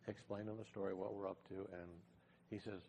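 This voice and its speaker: A middle-aged man, a tech company founder, telling a lively anecdote in a casual way and acting out the dialogue. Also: on the low side, brisk, a little hiss or hum. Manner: lively, acts out dialogue with changed voices.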